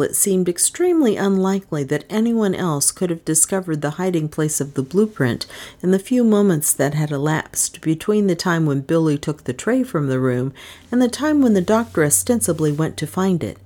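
A woman narrates a novel in a low, deep register. Her reading is measured, with a lively, rolling melody. She gives the characters light voices of their own. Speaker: audiobook narrator.

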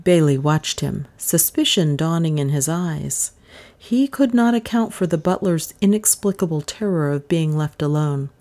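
Low, lively woman reading a mystery. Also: moderate pace. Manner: dramatic, suspenseful storytelling. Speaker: audiobook narrator. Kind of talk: expressive scripted narration.

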